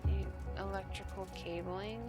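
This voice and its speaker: A woman's voice: mid-range voice, steady tone, a little slow. A young woman streaming a video game live, chatting to her viewers and reacting aloud as she plays. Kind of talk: live gameplay commentary. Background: game music.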